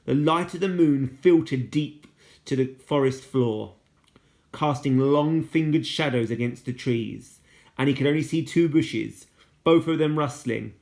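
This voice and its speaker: A man reading a children's novel aloud as a teacher, steady and unhurried, with casual asides when he slips. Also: mid-range voice, gravelly. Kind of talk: storybook read-aloud.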